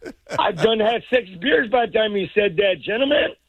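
A man's voice: high voice, animated, normal speed, a bit bright, breathy edge, dry recording. A man calling in to a sports radio show, joking and rowdy. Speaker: radio caller. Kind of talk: joking phone call. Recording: dull phone line.

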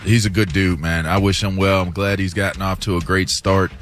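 Low-voiced guy on a sports show, blunt and slangy, some music in the back. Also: steady tone, a little fast, a bit bright. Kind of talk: casual sports chat.

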